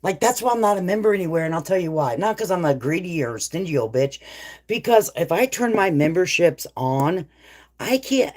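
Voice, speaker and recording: A middle-aged woman hosting a casual live chat, laughing often and swearing freely as she reads viewers' comments. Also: deep voice. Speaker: livestream host.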